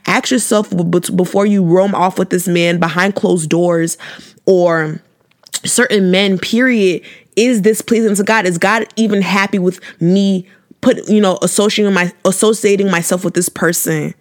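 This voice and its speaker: A woman's voice: medium pitch, steady tone, normal speed. A young woman giving casual faith-based advice to viewers in a vlog, preachy and affectionate, sassy and emphatic, often repeating phrases for emphasis. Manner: sassy and emphatic, asking rhetorical questions. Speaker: advice vlogger answering viewer questions.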